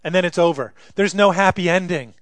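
Animated high-voiced male preacher. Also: fairly quick, smooth, dry recording. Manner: animated, dramatizes scripture voices, rising loudly for emphasis. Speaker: pastor. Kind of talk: sermon.

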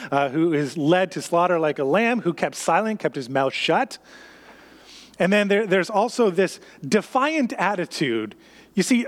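A man preaching a sermon, acting out everyday scenes with lively, raised voices between calmer teaching. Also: high voice, long reverb tail. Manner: animated, acts out scenes in a raised voice. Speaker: pastor.

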